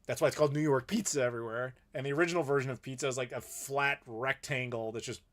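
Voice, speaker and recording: A man's voice: mid-range voice, quick pace. A middle-aged American man hosting a casual live Q&A, ranting playfully and reading viewer messages. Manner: opinionated, playful ranting with laughs. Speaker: YouTube host.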